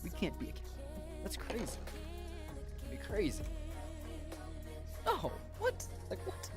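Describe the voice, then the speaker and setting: A man's voice: sits high, huge pitch swings, measured pace, over loud music. A man from Virginia co-hosting a livestream, chatting casually and playfully. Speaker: stream co-host.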